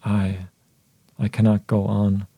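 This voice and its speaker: A man voicing a grief-stricken husband in an audiobook, pleading and halting, in a low, dark voice. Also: completely flat delivery, breathy edge, no room sound, exaggerated voice.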